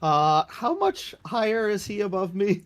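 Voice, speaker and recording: A man playing a tabletop game, talking slowly and hesitantly as he plans his move. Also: sits high, very animated, a bit bright, faint music behind. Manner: slow, hesitant, unsure. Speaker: player.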